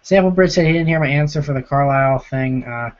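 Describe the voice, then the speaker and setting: Hoarse young man hosting a live Q&A. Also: a little high, fast talker. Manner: chatty, reads viewer comments aloud and answers them. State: hoarse, sore rough throat. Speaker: live stream host. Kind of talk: casual live-stream Q&A. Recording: lo-fi stream audio.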